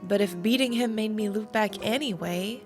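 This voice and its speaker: An uncertain young rogue, read by a woman speaks earnestly and haltingly. The voice sits at a middle pitch. Game music plays clearly underneath. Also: close to an everyday voice. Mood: lost.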